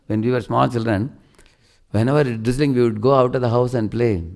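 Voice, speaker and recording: This preacher's voice is mid-range and gravelly, moving at a moderate pace through a devotional sermon. Animated in his storytelling, he often turns to listeners with questions.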